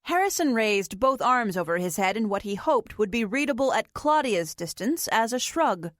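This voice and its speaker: A woman's voice: fairly high pitch, animated, moderate pace, no echo. Woman narrating an audiobook, dry sound. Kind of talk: scripted narration.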